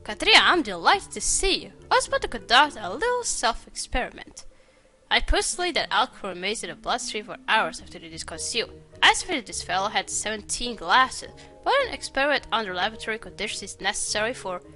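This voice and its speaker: Woman doing an eccentric doctor man, pedantic, bright, lively pitch. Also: brisk, faint music behind. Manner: read aloud from on-screen text. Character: eccentric male medical examiner, pedantic.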